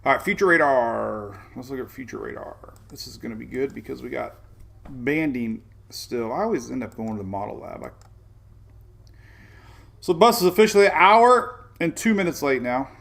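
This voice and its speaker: A man with a gravelly, fry-edged voice hosts a live weather show in a loose, chatty way. He rambles, restarts his sentences, and drifts between map talk and venting. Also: medium pitch, animated, normal speed, a bit bright. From Florida, United States. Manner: rambling, chatty, vents then jokes.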